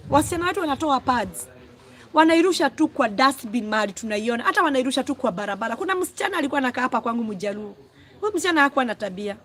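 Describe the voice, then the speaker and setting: A Kenyan woman hosting a casual live stream, talking loudly and exclaiming as she answers her viewers. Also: sits high, noisy background. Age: adult, mother of school-age children. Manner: loud, exclaiming, calls herself a screamer.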